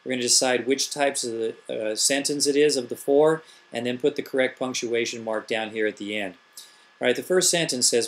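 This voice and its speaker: A man's voice: medium pitch, brisk. A middle-aged man, an elementary school teacher, patiently explaining grammar step by step and asking rhetorical questions. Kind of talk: classroom grammar tutorial.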